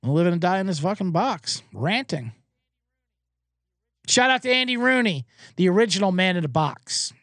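Rambling male betting-show host, high voice with big swings, dry booth sound. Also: normal speed, long pauses, dry recording. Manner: rambling, excitable, profane. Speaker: podcast host and sports bettor. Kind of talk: casual sports betting rant. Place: small booth, alone.

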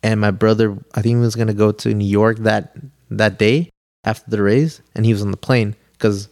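Young male guest, low and gravelly, rambling casual storyteller, dry close sound. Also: fairly even intonation, normal speed, a little mellow, no room sound. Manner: rambling, heavy use of "like", swears freely. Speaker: podcast guest.

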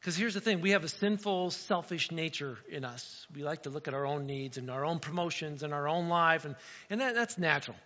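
A male pastor preaches a sermon in a bright, forceful voice, pitched a little above most men's. He keeps it conversational and keeps checking in with "right?" The sound is dull and lo-fi, with a long reverb from the hall around him. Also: expressive, brisk. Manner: conversational, frequent "right?" asides.

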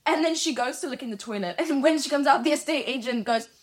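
A woman's voice: sits high, fast. A young woman from England hosting a podcast, telling stories in casual chat with frequent laughter and casual swearing. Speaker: podcast host.

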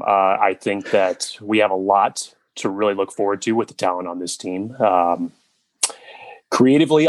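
A man's voice: fairly low pitch, no room sound, lightly acted. A man playing an earnest male football coach candidate in a comedic mock job interview.

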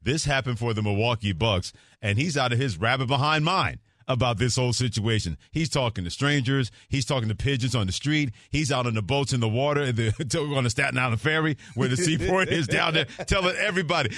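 A male sports radio host in a dry, close-miked studio, talking with playful, laughing energy. His pitch sits in the middle, and he spins the news like a story for his co-host. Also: expressive, brisk, few pauses, a bit bright, dry recording. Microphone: studio microphone.

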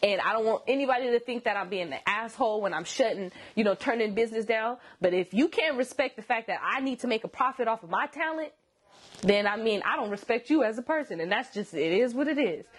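A woman's voice: on the high side, lively intonation, quick pace. A young adult woman, a singer, talking as an interview guest in a casual, self-assured way, often laughing and slipping into sarcastic asides.

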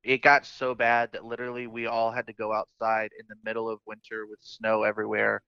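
A man's voice: on the low side, monotone, a little fast, gravelly, pushed and bright, clean tone, dry recording. A man chatting on a podcast, a teasing, wry storyteller. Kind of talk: casual chat. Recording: dull, lo-fi sound.

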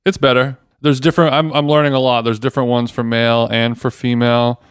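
A man's voice: medium pitch, flat delivery, fast talker, clean tone, no echo, studio quality. A man co-hosting a podcast, joking in a laid-back casual chat and laughing often. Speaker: podcast co-host.

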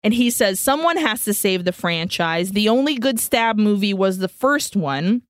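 Lady podcaster walking through a movie plot, mid-pitch voice, dry close sound, swears a lot. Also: animated, dry recording. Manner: recaps plot quickly, quoting characters with asides and swearing. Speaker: podcast co-host. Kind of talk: casual movie recap chat.

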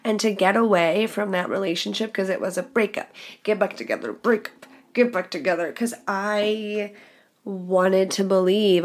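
Candid young woman telling a story. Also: lowish voice. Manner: candid, expressive, swears freely. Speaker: podcast host. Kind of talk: casual storytelling monologue.

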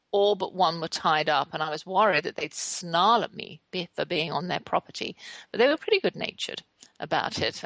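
Lady host, middle-aged, lowish gravelly voice, chatty storytelling, dry close sound. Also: a bit bright, dry recording, rough recording. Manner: chatty, anecdotal, self-deprecating. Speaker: podcast host. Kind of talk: casual storytelling monologue.

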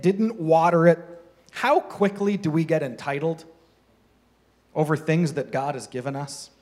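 Male preacher, animated sermon delivery, slightly higher voice, pokes fun at his characters.

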